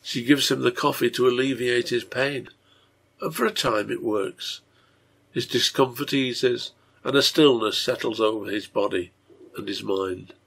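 A man reading aloud his translation of a serial novel in measured storytelling narration, with a gravelly voice. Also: mid-range voice, fairly bright tone. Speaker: reader and translator.

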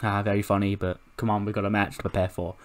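A man's voice: on the low side, level tone, fast, close to an everyday voice. A man voicing a male wrestler who urgently rallies his distracted teammates before a match. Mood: annoyed.

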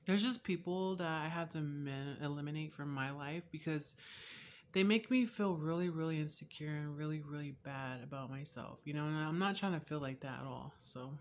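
Deep-voiced and chatty, a young woman does a casual taste-test vlog with a slight hiss or hum in the audio. She curses without restraint and swings between quiet asides and loud, laughing outbursts.

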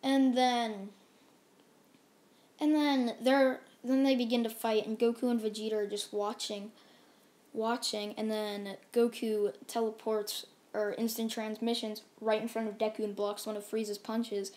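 A woman's voice: a little high, little pitch movement, unhurried, a little mellow. Rambling woman telling a fan story. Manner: rambling, full of "like" fillers. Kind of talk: casual fan-story narration.

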